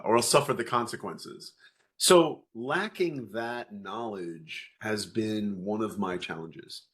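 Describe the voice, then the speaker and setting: Man telling family stories in an interview. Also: medium pitch. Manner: animated storyteller, acts out dialogue. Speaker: guest parent. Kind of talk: conversational interview storytelling.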